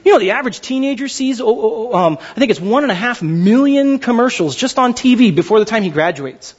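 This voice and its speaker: A man's voice: very high-pitched, expressive, fairly quick, husky, dull audio. A man preaching a sermon as pastor, emphatic and full of rhetorical questions.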